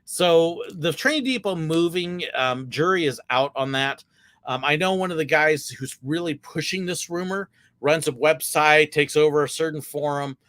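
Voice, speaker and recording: A man's voice: on the high side, normal speed, fairly bright tone, no echo. A middle-aged man hosting a casual livestream, answering viewer questions in a candid, chatty way with plenty of filler words. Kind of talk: casual live Q&A chat.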